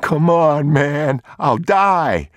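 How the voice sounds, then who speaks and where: A man's voice: a little high, animated, drawn-out words, no room sound, studio quality, voice pushed up. A man reading an audiobook, voicing a desperate, starving thief who begs frantically. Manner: begging, frantic.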